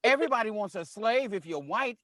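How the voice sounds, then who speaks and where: A man's voice: sits high, lively intonation, a little fast, over a noisy crowd. A man co-hosting a casual discussion, blunt, profane and emphatic. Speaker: podcast co-host.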